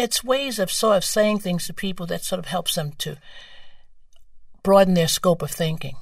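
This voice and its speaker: A woman in her seventies with a New York accent, a guest telling frank, lively stories and laughing easily. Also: fairly low pitch, no echo, studio quality, recorded from a distance. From New York, USA. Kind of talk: candid storytelling conversation.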